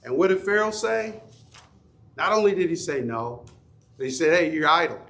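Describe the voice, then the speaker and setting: A man's voice: high voice, expressive, moderate pace, gravelly, a bit bright. A middle-aged man teaching an adult Sunday school class in a church, talking conversationally and asking the class questions. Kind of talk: Bible study teaching.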